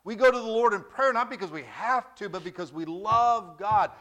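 A man preaches a sermon with a high, bright voice, repeating key phrases for emphasis. He talks lively, in a joking, storytelling way as a pastor to his congregation. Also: moderate pace.

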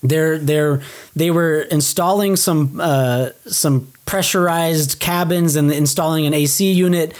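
A man with a fairly high pitch and measured pace co-hosts a podcast. He gives an animated, casual recap of a TV episode, playing out the characters' lines.

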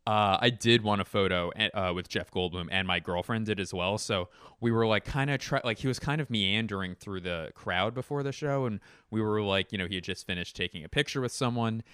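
A man's voice: on the low side, a little fast, a bit bright, clear, resonant tone, no room sound, clean studio sound. A man hosting a comedy podcast, telling stories in a casual, rambling way and breaking off mid-sentence, with casual swearing. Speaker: podcast host.

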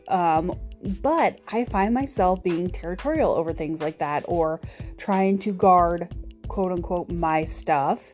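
A woman's voice: lowish voice, lively intonation, unhurried, darkish tone, faint music behind. A woman hosting a podcast alone, chatting casually with many fillers and little laughs. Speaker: podcast host. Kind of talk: casual solo podcast monologue.

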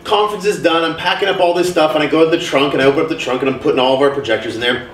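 A young man co-hosting a casual podcast chat, telling stories and acting out what people said with lively swings in his voice. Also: a little high, very fast, a little hiss or hum. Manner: animated storyteller, acts out quotes. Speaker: podcast co-host. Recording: roomy sound, mic at a distance.

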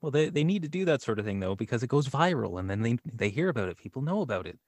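A man's voice: medium pitch, sing-song, fast talker, a little mellow, dry recording. A man who works as a voice actor, a guest on a podcast in casual chat. He is wry and often stammers and restarts his phrases.

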